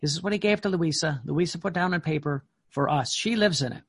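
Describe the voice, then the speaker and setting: A man preaching a sermon, reading devotional passages slowly and breaking into emphatic, excited commentary. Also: a little high, husky. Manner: emphatic, swings from slow reading to excited outbursts.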